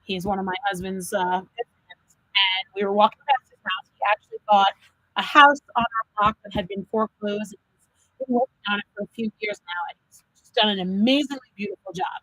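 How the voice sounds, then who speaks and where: A woman hosting a live card-making demo, chatting with viewers and talking them through each step as an animated storyteller. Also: mid-range voice, a little fast, no room sound, rough recording. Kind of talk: live crafting demo chat.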